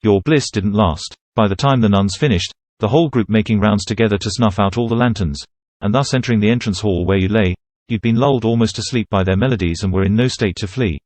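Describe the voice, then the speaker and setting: A man reading a second-person horror story in a measured, steady narrating voice. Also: lowish voice, dry recording.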